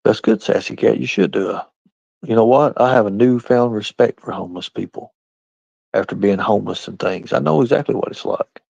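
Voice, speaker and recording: Gravelly, combative livestreamer man. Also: on the low side, fairly quick, darkish tone, no echo. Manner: combative, confrontational, talks straight back to chat. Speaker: livestreamer answering chat. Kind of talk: casual live-stream rant. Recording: dull, lo-fi dry stream audio.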